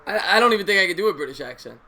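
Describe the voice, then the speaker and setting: A man in his thirties with a New York accent, hosting a live sports call-in show, chatty and quick to repeat himself. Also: high voice, animated, a crowd in the background. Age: 30s.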